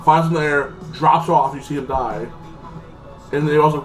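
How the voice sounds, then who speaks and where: A slightly high, steady-toned man talks at a normal speed in his casual, wandering film review. He sprinkles "like" everywhere and dramatizes the characters' parts. There's faint music in the background, and his voice is a little far from the mic.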